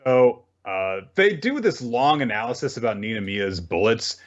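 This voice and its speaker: A man's voice: medium pitch, expressive, moderate pace, highs cut off. A man co-hosting a podcast, recapping manga plot in casual chat, with frequent swearing and asides. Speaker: podcast co-host.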